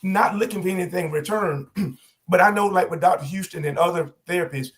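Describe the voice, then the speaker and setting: A man's voice: high-pitched, brisk. A man co-hosting a radio talk show, chatty and making points with examples while losing his voice. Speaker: co-host. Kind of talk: casual radio panel talk.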